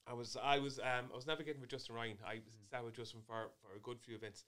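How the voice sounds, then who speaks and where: A man's voice: mid-range voice, steady tone, fast, fairly bright tone. A man co-hosting a casual rally chat, teasing his co-host and recalling his own navigating days with enthusiasm.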